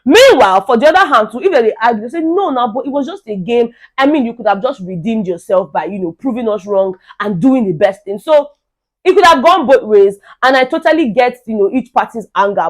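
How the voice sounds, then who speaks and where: Young woman, Nigerian accent, gossip recap vlog, animated, slightly high voice. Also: brisk. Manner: animated, mixing in pidgin, acting out quotes. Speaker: vlogger recapping a reality show.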